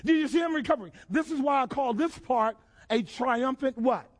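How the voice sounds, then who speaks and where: A male pastor preaching a sermon, quizzing the congregation and building to emphatic shouts. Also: very high-pitched, normal speed. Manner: call-and-response questions to the congregation, emphatic shouted build-ups.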